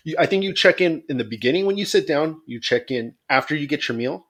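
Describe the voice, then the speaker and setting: A man co-hosting a casual podcast, telling a story with plenty of swearing. He acts out the other people with quoted voices, his pitch jumping around as he goes. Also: fast talker. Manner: animated storytelling, acting out both sides with quoted voices and swearing. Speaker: podcast co-host.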